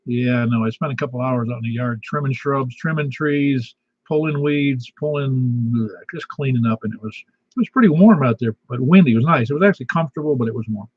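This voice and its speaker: A man with a slight lisp runs a casual radio net, rambling through announcements in a husky, breathy voice. The audio is dull and lo-fi, like a radio feed. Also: medium pitch, brisk, no room sound. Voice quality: slight lisp from a missing tooth. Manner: folksy, rambling announcements with fillers. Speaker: net control host.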